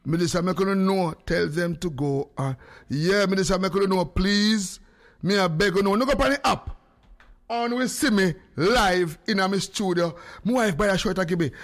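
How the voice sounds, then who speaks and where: A man's voice: sits high, moderate pace. A man with a Jamaican accent hosting a live stream from his home studio, joking and teasing as he calls out to viewers by name. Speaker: livestream host.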